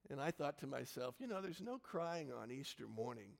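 A male pastor preaches from his church, telling stories with sudden loud exclamations. His voice sits at a middle pitch with a gravelly, creaky texture. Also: normal speed, in a large hall. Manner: warm storytelling with lively swings into loud exclamations. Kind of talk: sermon.

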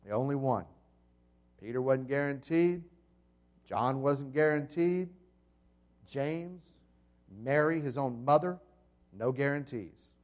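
A pastor preaching a sermon to his congregation, telling the story vividly, swinging between loud and soft, and asking the listeners questions. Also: mid-range voice, expressive, takes it slowly, pauses often, dull audio. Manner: dramatic storytelling with swings in volume.

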